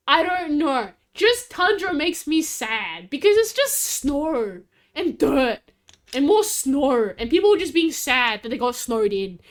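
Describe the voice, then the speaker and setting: A woman's voice: high voice, fairly bright tone. A woman streamer, chatting casually and bubbly with her chat. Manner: bubbly, giggly, talks to chat.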